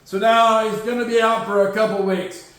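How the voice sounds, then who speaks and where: A man's voice: sits high, level tone, moderate pace. A man hosting a casual solo sports podcast in a jokey, goofy manner. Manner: jokey and goofy, with shouted catchphrases. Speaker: podcast host. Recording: very echoey room.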